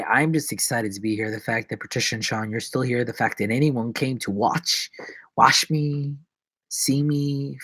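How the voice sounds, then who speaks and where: A young adult man, an actor and vlogger, chatting casually on a live stream in a jokey, rambling way, jumping between loud bursts and low mumbles. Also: no echo.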